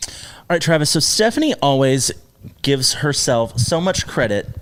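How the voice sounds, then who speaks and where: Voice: mid-range voice, big pitch swings, normal speed. A podcast co-host asking curious, prodding questions and laughing often in casual chat.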